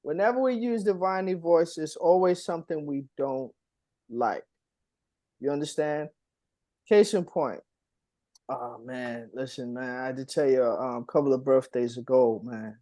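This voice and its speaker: A man co-hosting a casual podcast chat, an animated storyteller who laughs often and mimics voices. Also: medium pitch, a little slow, no echo. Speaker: podcast co-host.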